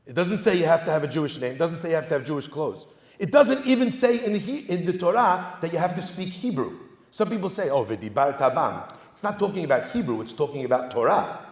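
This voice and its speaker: A man, a rabbi, giving a humorous talk to a live audience, telling stories with lively asides. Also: on the high side. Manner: joking, storytelling, lively asides. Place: synagogue hall. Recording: echoey hall, live event.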